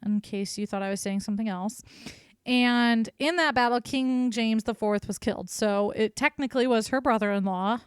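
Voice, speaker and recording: Woman podcast host telling history, jokey and swears a lot, smooth clear voice, dry sound. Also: on the high side, normal speed, no echo. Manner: irreverent and jokey, swears freely. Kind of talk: casual history storytelling.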